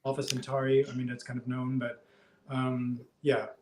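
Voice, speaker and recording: A man in his fifties, a hypnotist guest in a casual interview chat, speaking in a relaxed way. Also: medium pitch, moderate pace, slight background noise. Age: 50s. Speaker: past life regression hypnotist guest. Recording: echoey room.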